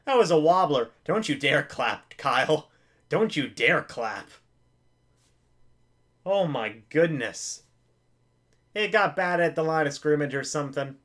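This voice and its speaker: A man's voice: a little high, measured pace, pauses often. A man hosting a live game reaction stream. He calls the plays himself, pleads with the players, and jokes his way through the loss. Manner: excitable, pleading with players, self-mocking humor.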